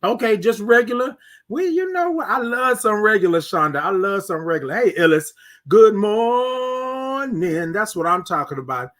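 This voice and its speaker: A man with a Texan accent hosting a live morning stream, chatting with viewers and singing out long, drawn-out greetings. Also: sits high. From Texas. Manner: animated, sings out drawn-out greetings. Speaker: host.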